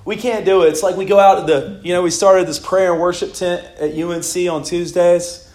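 A man's voice: high-pitched, fairly even intonation, a little fast, a little mellow. Casual preaching man in an echoey room. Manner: conversational, laughs often, personal storytelling. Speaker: pastor. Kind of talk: sermon.

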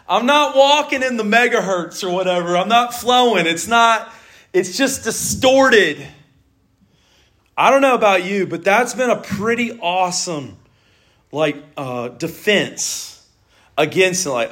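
A middle-aged man gives a casual sermon with a notably high, light voice. His delivery is animated and conversational, full of jokes and asides to his listeners. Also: measured pace. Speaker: preacher.

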